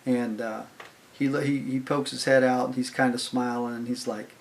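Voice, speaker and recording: A man's voice: mid-range voice, level tone, normal speed, a little hiss or hum. An older man casually telling a long anecdote in a rambling, conversational way, full of fillers and "I was like". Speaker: channel host telling stories. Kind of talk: casual storytelling.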